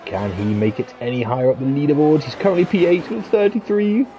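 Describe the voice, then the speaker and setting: A man from England doing live sim racing commentary, joking with his co-host and getting excited over lap times. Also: on the high side, brisk, lo-fi sound, a little hiss or hum. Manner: jokey banter with excited outbursts. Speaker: league commentator.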